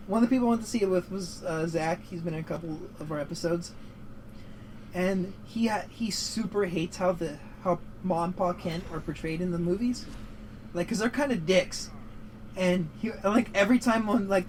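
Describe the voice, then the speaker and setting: Young male co-host, high voice, loose profane rambling chat over a light noise floor. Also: poor audio. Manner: rambling, profane, laughs often. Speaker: podcast co-host. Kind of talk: casual gaming chat.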